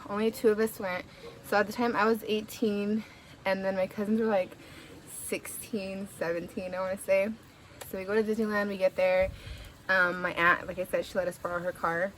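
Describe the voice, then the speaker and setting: A woman's voice: medium pitch, normal speed, slight background noise. Young woman from the bay area telling a storytime, chatty, lots of "like", swears a bit. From San Francisco Bay Area. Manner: chatty and animated, heavy "like" fillers, swears, laughs while telling. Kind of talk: casual storytime vlog.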